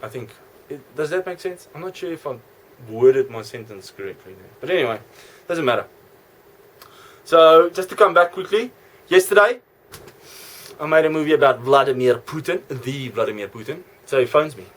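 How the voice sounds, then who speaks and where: A man's voice: fairly high pitch, normal speed, long pauses. A man vlogging in a rambling, jokey, self-correcting way. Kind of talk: rambling casual monologue.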